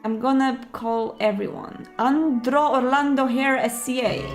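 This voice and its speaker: A young woman with a high voice plays through a game, reading its text aloud and thinking out loud. She is chatty and often mutters to herself between lines, with faint music in the background. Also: fairly even intonation, a little slow. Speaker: let's play host.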